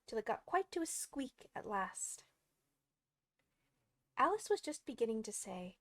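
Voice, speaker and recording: A woman narrating a classic children's story in a calm, expressive audiobook reading. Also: mid-range voice, moderate pace, no room sound.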